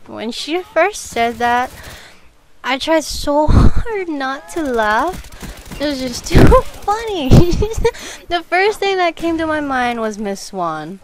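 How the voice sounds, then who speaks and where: A woman's voice: high-pitched, sing-song, slow, background noise. A young woman chatting casually over gameplay, telling work stories and giggling often. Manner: giggly, laughs through her stories. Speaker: gaming video commentator. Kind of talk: casual gameplay commentary storytelling.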